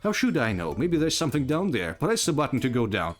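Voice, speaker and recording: A man's voice: mid-range voice, huge pitch swings, fairly quick, soft background music. Gloom, a man voicing an offhand adventurer. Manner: offhand, a bit annoyed.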